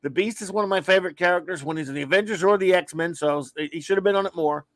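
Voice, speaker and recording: A man from Louisiana chats live about comics in a high, easygoing voice. He rambles from one opinion to the next and greets viewers warmly. The sound is dry and close, with no room around it. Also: quick pace, dry recording. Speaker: livestream comics talk host. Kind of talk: casual live-stream chat reading viewer comments.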